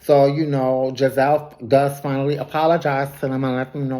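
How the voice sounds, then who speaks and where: Her voice rumbles low and mellow, with a level tone, and she talks briskly with hardly any pauses. She recaps a reality TV episode like gossip, laughing frequently and throwing shade. The wording is loose and casual, and she corrects herself often.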